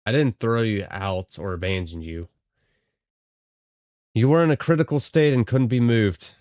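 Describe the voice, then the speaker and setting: Brief: man doing a defensive middle-aged father in a horror game, low voice, dry sound. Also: lively intonation, normal speed, darkish tone, dry recording, lightly acted. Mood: pleading. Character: guilty middle-aged father making excuses.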